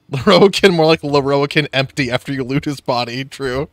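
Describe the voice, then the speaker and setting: Casual male gamer, jokey and rambling, mid pitch, dry close sound. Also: steady tone, moderate pace, dry recording. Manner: jokey, rambling, reads in-game text aloud. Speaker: gamer playing a video game. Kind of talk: casual gameplay chat.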